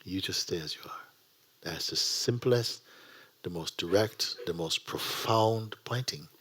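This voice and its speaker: A man teaching a spiritual gathering in a gentle, unhurried way, often dropping to a whisper. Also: sits low, husky. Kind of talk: sermon to a gathering. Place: satsang gathering.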